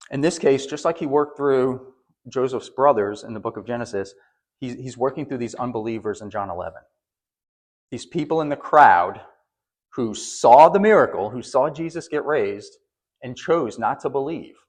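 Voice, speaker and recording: A man in his thirties preaching a sermon in a conversational way. His fairly high voice climbs and falls a lot as he builds to emphatic, louder moments. He often restarts, repeating a word before carrying on. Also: husky. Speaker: pastor.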